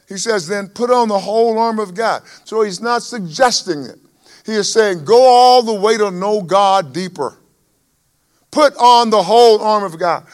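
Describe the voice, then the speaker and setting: High-voiced man preaching emphatically. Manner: emphatic preaching that swells and drops in volume. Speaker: pastor. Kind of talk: sermon.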